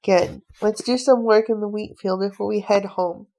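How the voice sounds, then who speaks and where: A woman reading a storybook aloud, voicing a stern, tough father who talks bluntly and gruffly. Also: medium pitch, fairly even intonation, normal speed, dark tone, a little hiss or hum, natural voice, poor audio.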